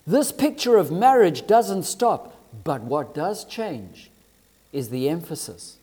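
A man delivers a sermon in a high voice, slow and deliberate, leaning hard on key words and letting phrases stretch out. His voice rings with a long reverb, as if recorded in a church sanctuary. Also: sing-song, warm tone, breathy edge. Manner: emphatic, drawn-out phrasing with rising and falling emphasis. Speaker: preacher.

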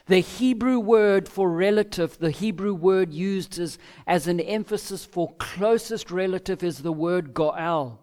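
A man preaching an expository sermon, measured, with emphatic pauses and acted-out quotes. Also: high voice, animated, a little mellow. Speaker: pastor.

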